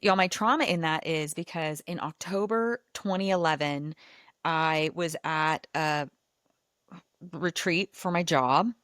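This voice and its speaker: A lowish-voiced woman hosts a podcast and talks through a personal story, animated and chatty, with "like" scattered through her sentences. Her close mic sounds dry, with almost no room around her voice. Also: unhurried, dry recording. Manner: animated, chatty, heavy use of filler "like". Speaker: podcast host. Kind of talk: casual storytelling chat.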